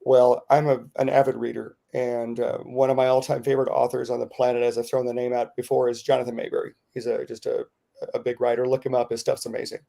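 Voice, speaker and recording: A middle-aged man, a podcast co-host, telling a rambling, animated story in casual chat with lots of fillers. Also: mid-range voice, fast, creaky.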